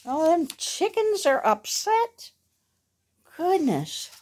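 A woman's voice: very high-pitched, sing-song, slow, a little mellow. A woman reading a bedtime picture book aloud at home, stopping for chatty asides to her dog. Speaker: reader of a children's picture book.

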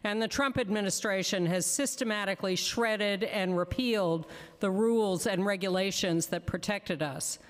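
A woman giving prepared testimony at a council hearing, emphatic and deliberate, slowing down to stress each word of a list. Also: medium pitch, long reverb tail. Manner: emphatic, deliberate, slows on lists. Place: council chamber.

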